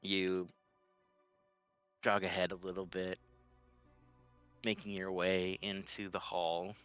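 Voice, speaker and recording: A man narrating a tabletop role-playing game as game master, lively and laughing often, with dull lo-fi audio. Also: sits low, slow pace, smooth, faint music behind.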